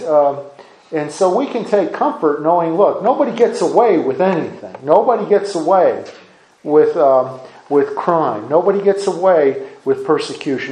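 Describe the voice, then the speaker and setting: A man with a fairly high voice gives earnest, sermon-style Bible teaching. He often repeats and restarts his words as he explains. The sound is roomy and echoey. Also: a little mellow. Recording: echoey room.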